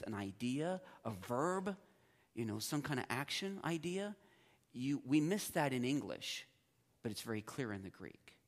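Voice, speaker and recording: Man teaching a Bible class. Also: medium pitch. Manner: conversational, acts out students' reactions.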